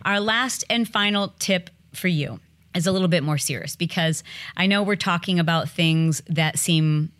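A woman's voice: lowish voice, normal speed. A woman hosting a podcast, chatting casually with her husband and giving earnest advice on relationships. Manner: animated, acts out both sides of stories. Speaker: podcast host.

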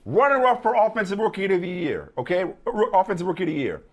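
A man's voice: high voice, sing-song, fast talker. A man hosting a sports talk show, arguing his points emphatically and often repeating himself. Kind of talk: sports debate.

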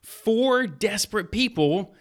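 A man, a pastor and podcast host, telling a Bible story to preteens in a lively, vivid second-person style. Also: high-pitched, slow pace.

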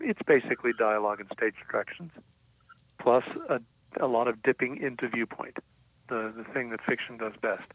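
A man's voice: mid-range voice, no echo. Assertive older man on a tinny line. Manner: assertive, self-assured, pausing with fillers and restarts. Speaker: guest writer. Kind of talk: reflective storytelling. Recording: tinny, dry phone-like line.

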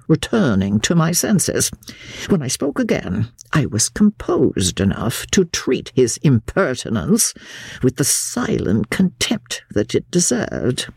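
A woman narrating a classic novel in a measured, dramatic audiobook reading, in the first person. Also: extremely low pitch, a little mellow, husky, no room sound, studio quality.

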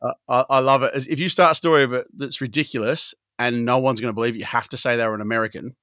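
A man's voice: medium pitch, fairly even intonation, fast, fairly bright tone, dry recording, studio quality. A man with an Australian and British accent, co-hosting a podcast as a joking storyteller. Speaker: podcast co-host. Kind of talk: casual podcast chat.

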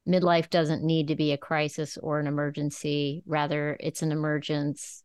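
A woman's voice: deep voice, level tone, normal speed, a little mellow, smooth, no room sound, clean studio sound. A woman hosting a podcast interview, affirming and emotionally moved by her guest. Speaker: podcast host. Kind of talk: conversational interview.

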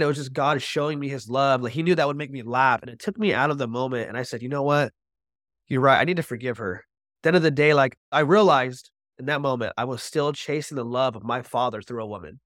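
A man as a podcast guest, telling his personal recovery story with animated storytelling and acting out his own quoted speech. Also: medium pitch, fairly quick, dry recording, clean studio sound.

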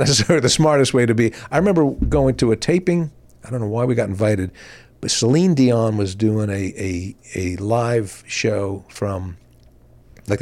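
An older man chatting on a podcast, swinging his voice high and low as he acts out what people said. His telling is loose and lively, full of restarts and asides. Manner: animated, acts out quotes with big pitch jumps. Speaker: podcast host. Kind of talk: casual storytelling chat.

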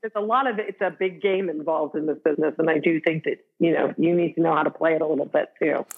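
A woman's voice: low voice, fairly even intonation, quick pace, creaky. A woman with a Boston accent speaks as an interview guest. She chats loosely, stacking fillers and restarting her sentences. Her voice comes through a narrow, tinny call line. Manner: chatty, with many restarts and "like" fillers. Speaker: guest, actor and writer. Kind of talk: casual interview talk.

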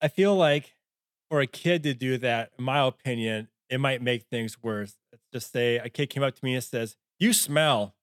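A man's voice: medium pitch, moderate pace, no room sound. Plain-spoken male host, dry sound. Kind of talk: casual interview chat.

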